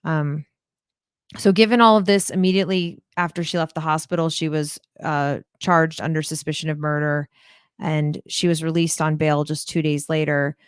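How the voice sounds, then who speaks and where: A woman's voice: sits low, little pitch movement, moderate pace, smooth, no echo, clean studio sound. A woman guest co-host discussing a true crime case in a thoughtful, hesitant way with frequent ums.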